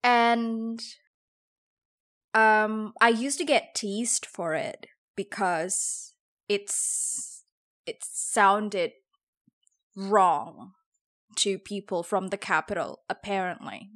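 A woman's voice: mid-range voice, drawn-out words, pauses often, fairly bright tone. Thoughtful woman from Java, hesitant. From Java, Indonesia. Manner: thoughtful, hesitant, many ums. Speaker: podcast co-host, former English teacher. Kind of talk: casual chat.

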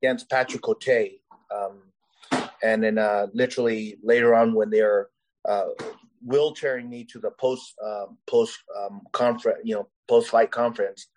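Appearing as a guest, a male fighter tells stories in a loose, conversational interview, rambling with plenty of "you know" and "uh." He speaks at a moderate pace in a darkish voice on the low side with fairly even intonation, over poor audio.

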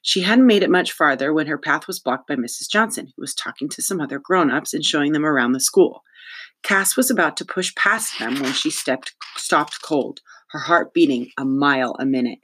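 An audiobook narrator reading a chapter aloud in a steady, even storytelling voice. The pitch sits in a middle range. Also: moderate pace, husky. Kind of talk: scripted narration.

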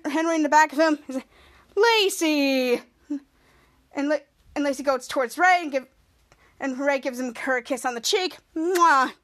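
Recapping a TV episode in a casual way, a young woman podcast host performs the characters' dialogue, breaking into abrupt, loud, shrill outbursts.

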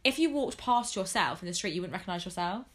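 This young podcast host has a fairly low, expressive voice and speaks quickly. She rambles through a casual chat with a friend, leaning heavily on "like."

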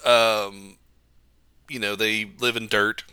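A man's voice: lowish voice, little pitch movement, slow, sharp tone, smooth, dry recording. A man co-hosting a podcast, chatting casually and telling jokey stories. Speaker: podcast co-host. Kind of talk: casual chat.

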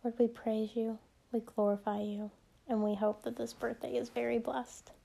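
A woman with a light Midwestern accent speaking a quiet, gentle prayer, unhurried and hushed. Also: fairly high pitch, little pitch movement, gravelly. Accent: Midwestern American. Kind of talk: soft spoken prayer.

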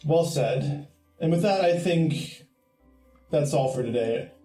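A man plays a seasoned, graying navy admiral with a measured, mellow delivery. The room is echoey. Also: a little high, animated, faint music behind. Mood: approving.

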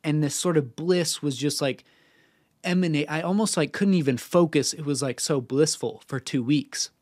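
A man's voice: a little high, normal speed, darkish tone, no echo, studio quality. A young man hosting a podcast, telling a personal story in an earnest, casual way with fillers and restarts. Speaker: podcast host. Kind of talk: casual spiritual talk.

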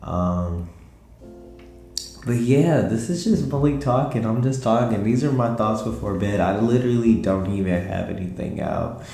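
A man's voice: on the low side, expressive, a little slow, vocal fry, mellow. A tired young man rambling in slangy, laid-back casual talk as a podcast host at home late at night. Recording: roomy echo with faint music.

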